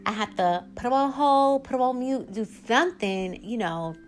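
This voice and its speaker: A woman's voice: fairly high pitch, expressive, moderate pace. Candid woman hosting a solo podcast. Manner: candid, emphatic, rambling. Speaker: podcast host.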